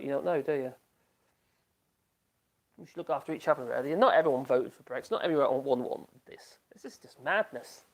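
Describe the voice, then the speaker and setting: A man's voice: fairly high pitch, creaky. A middle-aged man, chatting casually on a live stream in a rambling way, trailing off and restarting his sentences.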